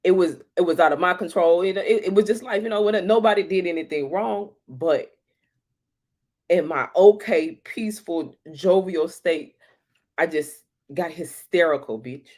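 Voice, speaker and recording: Animated, profane woman talking astrology. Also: on the low side, moderate pace. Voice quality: profane, animated, laughs often. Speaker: astrology talk host. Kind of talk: casual astrology talk.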